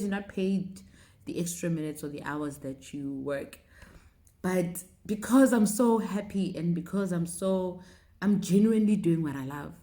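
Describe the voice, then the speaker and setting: A young woman telling a personal faith testimony in a casual, animated way, often laughing. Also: fairly low pitch. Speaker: vlogger sharing a testimony.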